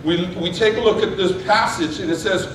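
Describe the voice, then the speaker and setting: A man's voice: high voice, moderate pace, heavy reverb, far from the mic, noisy background. A man preaching a sermon to a congregation, stressing key words and calling for responses. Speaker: pastor. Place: church sanctuary.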